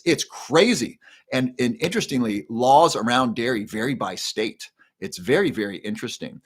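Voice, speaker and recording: A man's voice: medium pitch, a bit bright. A middle-aged man hosting a live stream, ranting with indignation and often repeating words as he builds up steam. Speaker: show host. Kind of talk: impassioned live-stream monologue.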